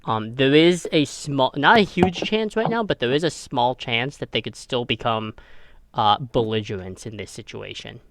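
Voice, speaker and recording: A man narrating a tabletop game as game master, often pausing to find his words. He speaks at a middling pitch. The sound is dry and close over a home voice-call mic. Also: a bit bright, no echo. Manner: hesitant, many fillers while narrating.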